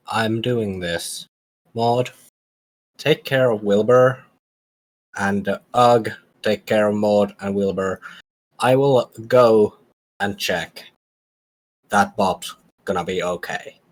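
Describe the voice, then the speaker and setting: Man playing a slow, stoic sneak expert. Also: fairly low pitch, low-quality recording. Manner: slow, halting, measured. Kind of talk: tabletop game character voice.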